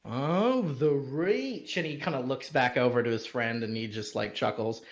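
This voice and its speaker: A man runs a tabletop fantasy game at a middling pitch. He narrates loosely, trailing off and circling back with plenty of fillers. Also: a bit bright. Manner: halting, full of fillers. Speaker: game master.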